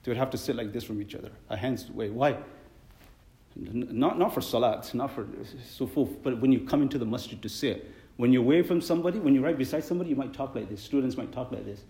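A man's voice: mid-range voice, a little fast, dark tone, reverberant. A man giving a sermon as an imam, telling stories earnestly and animatedly, mixing in Arabic phrases.

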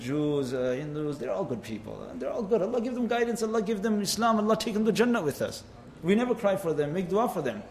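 A man with a somewhat high voice delivers an impassioned sermon, rising and falling as he sprinkles in Arabic phrases. His words ring out in a roomy, reverberant hall with a faint hum of ambience behind. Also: a little mellow. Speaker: Islamic preacher.

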